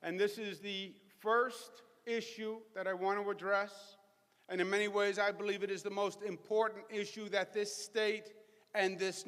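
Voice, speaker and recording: Brief: middle-aged Queens-accented male politician, high bright voice, booming hall reverb, rally speech. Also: clear, resonant tone. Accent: New York (Queens). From Queens, New York. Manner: rousing, folksy, crowd-working. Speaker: governor giving a speech. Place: large college hall with live audience. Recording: echoey hall, long reverb.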